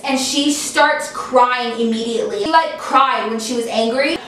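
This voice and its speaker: A young woman casually telling a storytime, chatty and animated, with lots of "like" fillers. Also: sits high, moderate pace, slight background noise. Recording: echoey room, voice a bit distant from mic.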